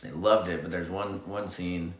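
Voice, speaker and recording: Deep-voiced dad in an echoey room. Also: male voice, moderate pace, a little hiss or hum. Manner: animated, laughing storyteller. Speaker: guest, a dad. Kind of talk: casual interview chat.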